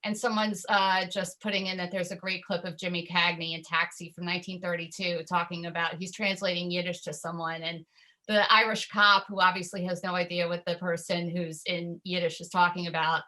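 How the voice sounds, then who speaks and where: A woman's voice: lowish voice, level tone, brisk, bright, forceful tone. A woman speaking as a panelist in an online discussion, chatty and piling up several points at once.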